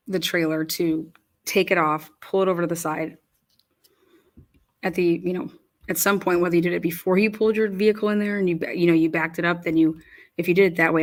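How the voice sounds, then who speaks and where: A woman with a slightly low voice talks through video footage in a loose, rambling way. She swears freely and sounds openly incredulous as she tells her story. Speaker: commentator on footage. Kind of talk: casual commentary over video.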